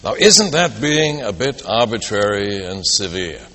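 A man's voice: lowish voice, sing-song, a little slow, bright, forceful tone. A man preaching a sermon, telling a story and posing rhetorical questions. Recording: long reverb of a large hall.

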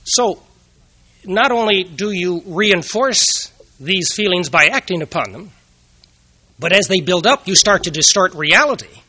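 A man's voice: high voice, lively intonation, a little slow, sharp tone, breathy edge, dry recording. A man giving an earnest moral talk, telling personal anecdotes and asking rhetorical questions.

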